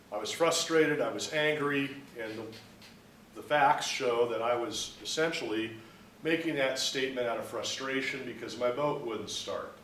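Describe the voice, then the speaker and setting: A man's voice: medium pitch, fairly bright tone, a little hiss or hum. A man giving a business law lecture, explaining terms step by step and acting out a story to make a point. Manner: explains with acted-out anecdotes. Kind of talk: classroom lecture. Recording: roomy, mic at a distance.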